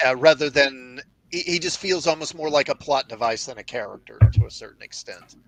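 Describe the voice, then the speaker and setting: A man co-hosting a casual livestream, commenting on a film in a measured way with hesitations. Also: medium pitch, creaky, fairly bright tone. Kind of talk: casual movie-talk livestream.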